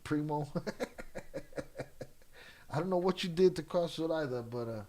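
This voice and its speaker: With a warm tone and fairly high pitch, the man speaks unhurriedly and expressively. He's hosting a livestream, casually chatting with viewers and teasing them with profane, relaxed banter.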